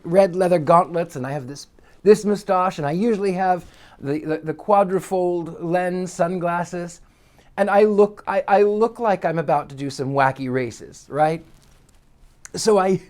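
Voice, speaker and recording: A man telling anecdotes in a casual vlog, genteel and wordy, acting out the voices of the people he quotes with big jumps in pitch. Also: darkish tone. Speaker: psychic vlogger. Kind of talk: casual storytelling to camera. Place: Pasadena area.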